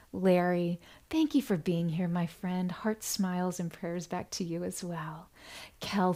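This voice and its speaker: A woman chats casually on a live stream, greeting viewers by name. Her voice sits at an ordinary middle pitch. She swings between gushing, high-spirited bursts and gentle, near-whispered thanks. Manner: effusive and grateful, with sudden bright excited bursts and soft hushed thank-yous.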